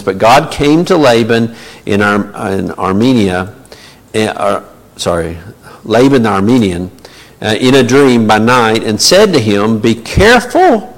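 A man's voice: lowish voice, vocal fry. A man teaching a Bible study in a conversational way, with many fillers and asides. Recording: long reverb of a large hall.

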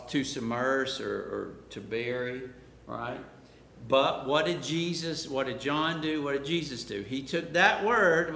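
A man's voice: a little high, a bit bright, slight background noise. A man preaching a Bible-teaching sermon, explaining words and asking his listeners questions, building to emphatic points. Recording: roomy echo.

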